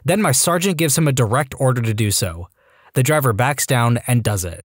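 A man narrating online stories for a podcast in a lively, expressive storytelling delivery, close on a studio mic. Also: medium pitch, fairly quick, husky, no room sound.

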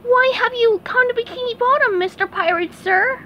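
A woman voicing a squeaky, excitable male cartoon sea sponge in a storybook reading, pitching her voice up high and jittery. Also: normal speed, dull audio, a little hiss or hum. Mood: timid.

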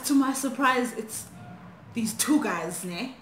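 A young woman telling an animated storytime on her phone, switching languages mid-sentence. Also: a little high, measured pace. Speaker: vlogger. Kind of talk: storytime vlog. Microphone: phone camera. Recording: echoey room, faint noise.

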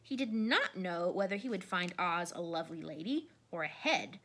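A woman reading a children's storybook aloud with expressive delivery. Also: moderate pace. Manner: expressive, varies pitch. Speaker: narrator.

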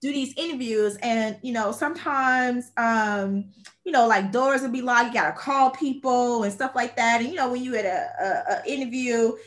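Woman, podcast host, casual, chatty storyteller, somewhat high voice. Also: moderate pace. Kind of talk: casual conversation.

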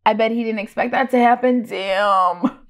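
A woman's voice: fairly high pitch, normal speed. A woman hosting a reaction video, chatting casually, teasing and laughing a lot. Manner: animated, teasing, laughs often.

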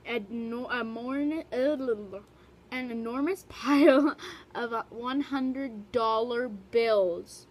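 High-voiced woman reading a storybook. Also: takes it slowly. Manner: animated read-aloud, brief asides about the pictures. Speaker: storybook reader. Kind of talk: reading a picture book aloud.

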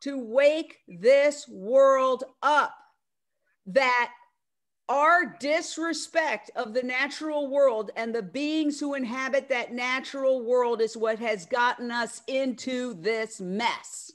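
A middle-aged woman speaking on a video call, loud, animated and emphatic, with a rousing tone. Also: fairly high pitch, takes it slowly. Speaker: media network founder speaking at an online event. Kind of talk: casual speech on a video call.

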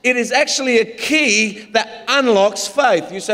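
A man's voice: very high voice, a little slow, few pauses, sharp tone. A man with an Australian accent, a pastor preaching a humorous, story-filled sermon in a large church. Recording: long hall reverb.

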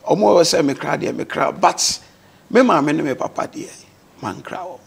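A man's voice: on the high side, moderate pace, vocal fry, husky. A man with a Ghanaian accent, a guest on a talk show, earnestly telling his life story and mixing English words into his speech.

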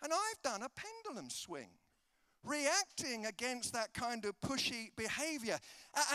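A man's voice: very high-pitched, bright, forceful tone, no echo. A British man preaching a humorous sermon, telling stories and acting out the dialogue in comic voices. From Britain. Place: conference hall.

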